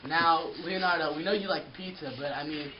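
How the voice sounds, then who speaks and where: A man's voice: a little high, fairly even intonation, fairly quick, natural voice. A teenage boy playing a showman reporter with announcer patter, a little off-mic, on hissy lo-fi audio. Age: teens. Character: brisk male talk-show reporter. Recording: hissy lo-fi audio, a bit distant.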